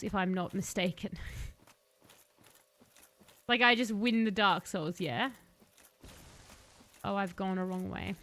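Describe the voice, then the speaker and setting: Bright-voiced woman gaming streamer. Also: mid-range voice, steady tone, slow pace, pauses often. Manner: chatty, answers chat, laughs often. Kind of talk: casual gaming live-stream commentary.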